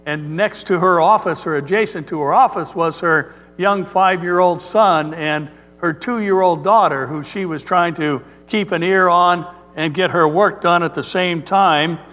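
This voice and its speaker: Man preaching a sermon, earnest and measured, kinda high voice, echo trailing off in a big hall. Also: fairly bright tone, dull audio. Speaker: pastor.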